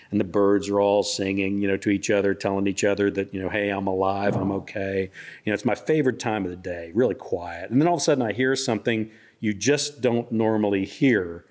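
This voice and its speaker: A man's voice: fairly low pitch, darkish tone. Folksy middle-aged man telling stories. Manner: folksy, drawn-out anecdotes full of "you know" and "like". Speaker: author speaking at a book festival. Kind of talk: humorous storytelling talk. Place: church hall.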